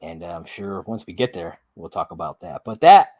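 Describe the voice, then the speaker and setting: Male podcast co-host, animated pitch, casual recap chat, laughs a lot. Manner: laughs often, halting with many uhs.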